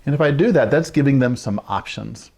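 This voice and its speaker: Male early childhood educator, mid-pitched, steady explainer, keeps checking in with listeners. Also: brisk, vocal fry. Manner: explains with frequent "right?" check-ins and modeled child-directed lines. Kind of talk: instructional talk to parents.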